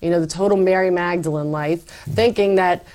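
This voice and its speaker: A middle-aged woman giving a personal testimony in conversation, animated, acting out quoted lines. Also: on the low side, a little fast. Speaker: guest telling her faith story.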